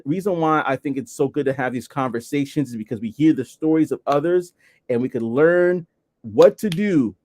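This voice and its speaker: A man's voice: fairly high pitch, a little mellow. A man hosting a live online show, greeting viewers by name and reading comments in an upbeat, enthusiastic way.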